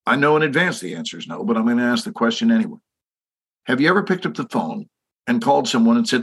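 A man's voice: medium pitch, sing-song, quick pace, fairly bright tone, slightly rough. A man in his sixties with a Texan accent, a podcast guest telling stories emphatically and asking listeners rhetorical questions. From Texas. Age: 60s. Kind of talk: podcast conversation.

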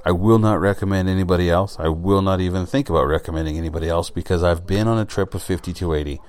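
A man hosts a podcast on his own, in a loose, rambling monologue. His voice sits low and deep. He speaks bluntly and drops the odd swear word. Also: steady tone, fast talker, darkish tone. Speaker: podcast host. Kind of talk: casual solo monologue.

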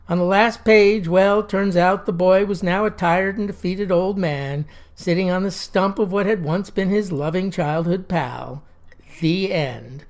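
Wry folksy woman storyteller. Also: fairly low pitch. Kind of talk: comic monologue.

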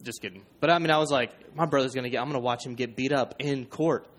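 A man preaching, telling a funny personal story with animated quoted voices. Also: mid-range voice, quick pace. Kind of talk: storytelling sermon.

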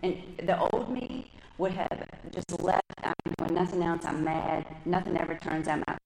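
A woman with a low voice and a gravelly edge gives a lively, conversational testimony at a women's church gathering. She tells her stories chattily to a live audience. The sound is roomy and echoey, with a faint hum behind her. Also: moderate pace. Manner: lively, chatty storytelling, talks with her hands. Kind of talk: personal testimony and scripture teaching. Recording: echoey room with faint background noise.

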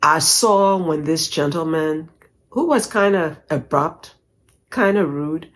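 Woman storyteller, low voice, measured pace, plays every part of the dialogue herself. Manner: dramatic, acts out dialogue, rising pitch as tension grows. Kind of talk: personal story told to an audience.

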